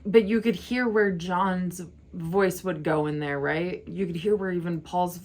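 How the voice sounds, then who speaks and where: Brief: young woman vlogger, slightly low voice, giggly and teary, loud music behind. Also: fairly even intonation, unhurried. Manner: chatty, giggly, gets teary. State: tearful. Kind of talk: casual album reaction. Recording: music playing loudly behind.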